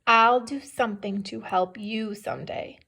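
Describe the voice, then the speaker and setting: A woman's voice: fairly high pitch, steady tone, unhurried, pushed and bright, slightly rough, full character voice. A woman voicing a tiny male mouse who begs for his life in a storybook read-aloud. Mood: pleading. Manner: begging, breathless pleading.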